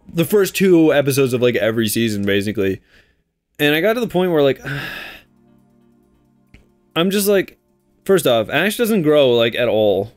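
A young Canadian man co-hosting a let's play, chatting casually and jokily as he plays. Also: fairly high pitch. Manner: animated, jokey, does silly voices. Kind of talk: casual gaming commentary.

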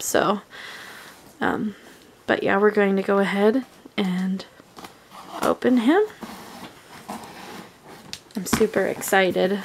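A woman vlogger from Canada, unboxing a package at home in a casual, gushing, excitable way. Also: mid-range voice.

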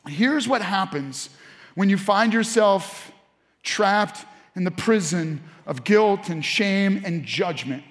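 A man pastor preaching an animated sermon to his congregation, calling out to the room. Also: sits high. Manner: animated preaching with audience call-outs. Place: church sanctuary. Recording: church hall with long reverb.

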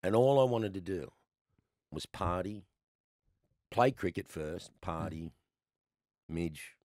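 An Australian man in his sixties, a guest telling lively stories in a casual chat, laughing often. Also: low-pitched, slow, no room sound, studio quality. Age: 60s. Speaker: guest, former cricketer.

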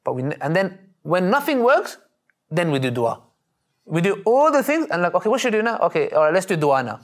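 A man, telling stories in an interview in a lively, emphatic way and acting out the voices he quotes. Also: sits high, a little fast. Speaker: Muslim preacher interviewed. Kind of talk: animated storytelling in an interview.

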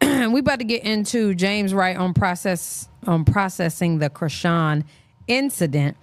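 A woman hosts a reaction show in a casual, blunt, opinionated way. Her voice is dry and close to the mic, with little room sound. Her pitch sits in an ordinary middle range. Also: measured pace, no room sound. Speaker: reaction channel host. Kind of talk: casual commentary.

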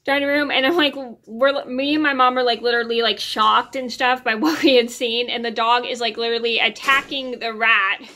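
A woman's voice: on the high side, fairly even intonation, a little fast, hardly any pauses, bright, forceful tone. A young woman vlogger telling a story to camera in a chatty, rambling way, full of ums and restarts.

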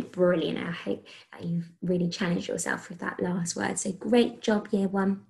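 Creaky-voiced woman teaching children phonics. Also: on the low side, steady tone, a little mellow. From England. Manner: slow, clearly sounded dictation with encouraging praise. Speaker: primary school teacher. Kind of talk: recorded phonics lesson for young children.

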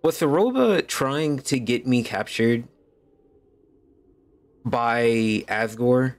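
A man streaming a game playthrough, reacting excitably and talking to his chat. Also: mid-range voice, very slow. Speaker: gaming streamer. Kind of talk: casual playthrough commentary.

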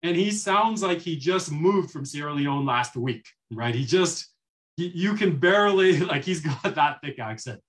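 Articulate man with a higher voice. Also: lively intonation, a bit bright. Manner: measured, articulate, fast asides. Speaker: panelist poet. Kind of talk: panel discussion.

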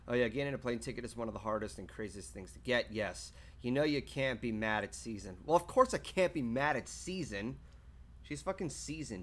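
A man's voice: mid-range voice, a bit bright. A man streaming live and chatting casually with his viewers, reading their messages aloud and swearing freely.

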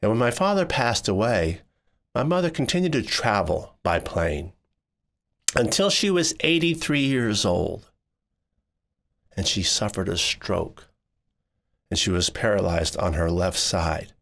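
A man tells a first-person life story in a fairly low voice. His delivery is animated, with wide swings in pitch. He lifts sharply higher whenever he quotes someone. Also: measured pace, gravelly, pauses often. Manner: expressive, jumps high when quoting people.

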